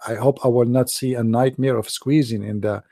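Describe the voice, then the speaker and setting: A man, a bit hoarse, talking in a casual commentary monologue with lots of fillers and restarts. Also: medium pitch, moderate pace, dry recording, studio quality. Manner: animated, repetitive, many fillers and restarts. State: losing his voice, hoarse. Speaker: debate show host.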